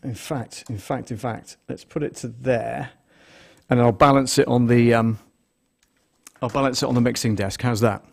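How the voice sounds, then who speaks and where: A man's voice: medium pitch, fairly even intonation, moderate pace, creaky. A man hosting a casual live stream, thinking aloud as he sets up gear and counts numbers into a close desktop condenser mic in a small studio. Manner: rambling, thinks aloud while setting up gear. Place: small studio with a mixing desk. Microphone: desktop condenser microphone, close.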